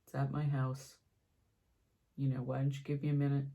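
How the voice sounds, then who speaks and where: A young woman tells a long personal story while she does her makeup on camera, and she slips into the voices of the people in it. Her voice is gravelly and husky, with a dark, mellow tone. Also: very deep voice, normal speed, highs cut off. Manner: animated storyteller, acts out quoted voices. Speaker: beauty vlogger.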